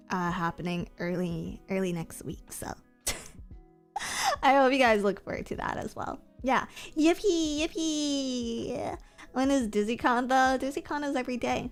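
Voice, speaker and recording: A woman's voice: mid-range voice, smooth. A woman VTuber streamer chatting casually with her viewers, playful and self-mocking, often breaking into giggles. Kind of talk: casual stream chat reading comments.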